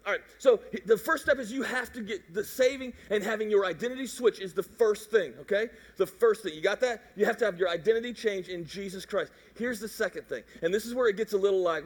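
A middle-aged pastor from Mississippi, preaching in an animated, jokey way and acting out voices. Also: male voice, very high-pitched, a little fast, in a large hall. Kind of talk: sermon.

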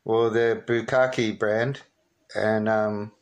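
Deadpan man making a prank call. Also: on the low side, takes it slowly. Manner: hesitant, deadpan, trails off with ums and laughs. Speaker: prank caller.

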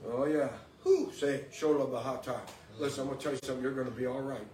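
A man's voice: medium pitch, fairly even intonation, fast, darkish tone. A man preaching a sermon with call and response, emphatic and building up to exclamations. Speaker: preacher and podcast host. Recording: echoey room, distant mic, faint noise.

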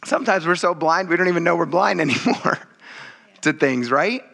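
A man preaches to his congregation in a chatty, direct way, often turning to them mid-sentence. His voice is bright and sits a little high. He builds to loud exclamations when he drives a point home. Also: animated, moderate pace, gravelly. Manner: casual, conversational preaching, often says "you guys". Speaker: pastor. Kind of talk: sermon.

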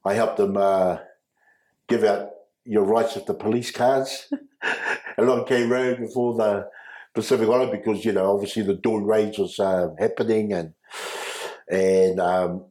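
A man, recounting his life as an interview guest, halting with restarts and frequent chuckles. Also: fairly low pitch, a little mellow. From New Zealand. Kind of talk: personal storytelling. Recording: echoey room.

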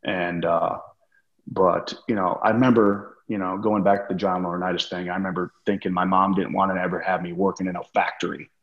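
Male podcast guest, very low voice, cursing storyteller, roomy lo-fi sound. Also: flat delivery, a little fast. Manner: profane, acts out quoted dialogue. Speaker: podcast guest, former wrestler. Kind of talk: casual storytelling interview.

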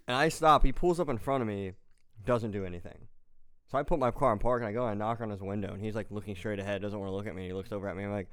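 A young man in casual chat, telling a story with lots of swearing and acted-out shouting. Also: on the low side, brisk, pauses often, clear, resonant tone. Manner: animated storyteller, swears, acts out shouting in quotes.

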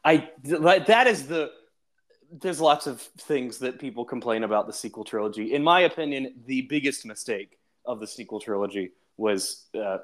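Lively man co-hosting a podcast. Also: mid-range voice. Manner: enthusiastic, quick reactions, short rants. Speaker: podcast co-host. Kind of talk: casual podcast chat.

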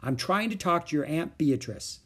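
A man reads as a patient mother in a storybook, calm and gently weary. Her lines carry a husky edge and an expressive rise and fall. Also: a little high, normal speed, pitched above the performer's own voice.

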